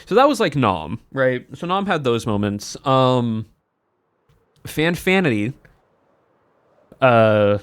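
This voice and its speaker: A man's voice: mid-range voice, sing-song, slow, long pauses, clear, resonant tone, no echo. A man streaming and chatting casually to his viewers, rambling with many restarts and chuckles.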